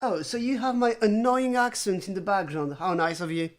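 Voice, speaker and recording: A conlang streamer builds an invented language live, chatting with viewers in a dry, self-mocking way while working. They think aloud with many fillers, speaking at a normal pace in a steady, medium-pitched voice.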